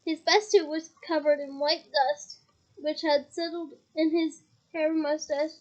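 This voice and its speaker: High-pitched woman reading a story out loud, chatty asides, kinda dull lo-fi sound. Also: fairly even intonation, a little slow. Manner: chatty, giggly asides between passages. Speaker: reader. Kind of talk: reading a novel aloud with asides.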